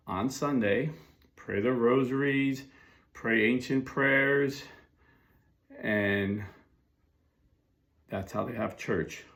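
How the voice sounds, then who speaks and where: A man's voice: medium pitch, creaky. A middle-aged man giving a casual monologue as a Catholic commentator, chatty with fillers and asides.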